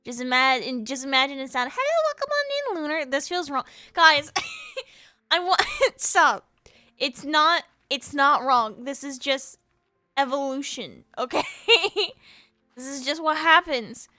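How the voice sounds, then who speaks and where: Young woman streamer from the US, high and bright, chaotic and teasing with chat, dry close sound. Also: takes it slowly, no echo, faint music behind. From United States. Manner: chaotic, playful, laughs often, teases chat. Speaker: VTuber streamer. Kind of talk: casual live-stream chat with viewers.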